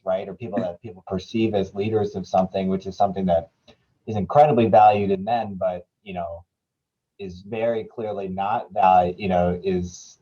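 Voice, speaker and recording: A man's voice: low-pitched, husky, highs cut off. A man taking part in a workshop discussion on a video call, thoughtful and hedging with fillers as he makes his point. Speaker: workshop participant.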